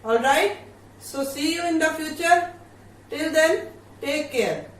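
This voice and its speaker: A woman explains grammar in a high voice, slowly and deliberately, repeating points and checking in with her students. She sounds far from the mic in a strongly echoing room. Faint ambient noise sits behind her. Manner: slow, deliberate, repeats key points, asks "all right?". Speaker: English grammar teacher. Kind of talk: grammar lesson.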